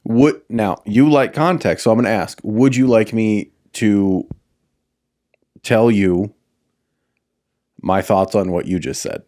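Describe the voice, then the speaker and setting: A man's voice: on the low side, takes it slowly, long pauses, warm tone. A man co-hosting a podcast, talking in a blunt, matter-of-fact way and swearing casually. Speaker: podcast co-host. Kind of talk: casual chat.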